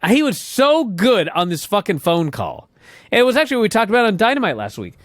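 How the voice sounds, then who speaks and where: A man telling a wrestling story to his co-hosts, swearing freely and acting out every quote. His voice sits a little high and swings widely in pitch. The sound is dry and close. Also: fast, dry recording. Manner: animated storyteller, swears often, acts out quotes. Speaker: podcast co-host. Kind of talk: casual wrestling recap chat.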